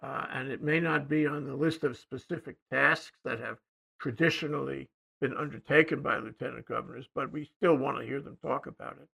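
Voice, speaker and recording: An older man talks through a casual political discussion in a heavily gravelly, husky voice with a bright edge. He rambles and hesitates, his sentences often fading off quietly. His pitch sits a little high for a man. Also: steady tone, brisk. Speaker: co-host.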